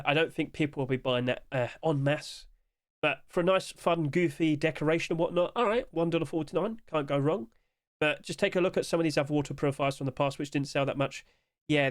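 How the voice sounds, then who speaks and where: Tired, chatty young man reviewing prices. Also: fairly high pitch. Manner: chatty, rhetorical questions, talks to items on screen. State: tired, yawning. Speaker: game skin market commentator. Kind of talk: casual screen-share commentary.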